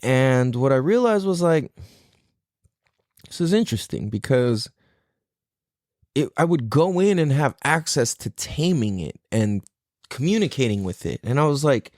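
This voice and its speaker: Lively rambling male podcast host. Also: mid-range voice, moderate pace, no room sound, studio quality. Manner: rambling, profane, self-deprecating. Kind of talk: casual solo podcast monologue.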